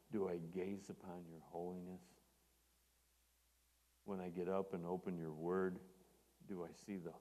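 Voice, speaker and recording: A man delivers a sermon in a deep, mellow voice. He speaks earnestly and grows emphatic when quoting scripture. The long reverb of a church hall trails behind his words. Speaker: preacher.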